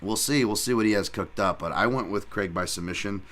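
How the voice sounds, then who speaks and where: A man hosting a solo podcast who talks in rambling, profane, animated rants. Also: on the low side, fairly quick. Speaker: podcast host and fight analyst.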